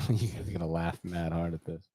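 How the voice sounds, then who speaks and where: A man's voice: low-pitched, a little fast. A young man hosting a casual livestream chat, slangy and laughing as he tells stories. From Philippines. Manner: slangy, laughing, animated storytelling. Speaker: host.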